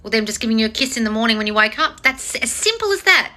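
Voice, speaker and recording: A woman coach answers her viewers live in a very bright, lively voice that jumps up and down in pitch. She is blunt and sweary and keeps slipping into mocking voices to tease them. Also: fast. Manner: animated, teasing, talks straight to viewers. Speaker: manifestation coach hosting a live Q&A.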